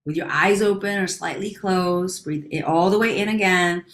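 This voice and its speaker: A woman leading a guided breathing exercise, counting breaths slowly and calmly, at times softening almost to a whisper. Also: on the low side, roomy sound. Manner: calm, slow counting of breaths, dropping to near whispers. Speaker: breathing instructor.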